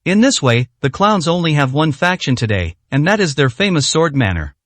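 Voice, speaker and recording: A man reading a translated martial arts serial story aloud in a steady storytelling manner. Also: a little high, moderate pace, no room sound. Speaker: narrator. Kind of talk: scripted story narration.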